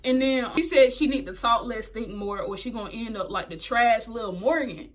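A woman's voice: fairly high pitch, moderate pace. A woman recapping a wrestling show in a chatty, slangy way, laughing often. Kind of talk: casual video recap.

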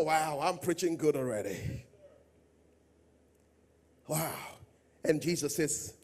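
A man's voice: mid-range voice, measured pace, pauses often, darkish tone, slightly rough. A middle-aged man, a pastor, preaching a sermon earnestly, quoting scripture and asking his listeners questions.

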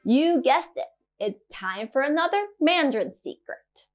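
A woman's voice: high voice, sing-song, a little slow, faint music behind. Playful sing-song woman teaching kids. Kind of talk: children's lesson narration.

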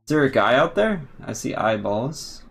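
A man's voice: medium pitch, sing-song, normal speed, gravelly, husky. A man streaming a horror game live, commenting in a drawling way, laughing and swearing when startled. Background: loud game music.

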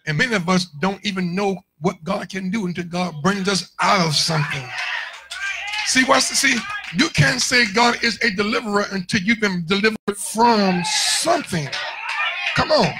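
A male pastor preaching a lively call-and-response sermon in a church, rising into shouts at his peaks. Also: high voice, normal speed, noisy background. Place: church sanctuary.

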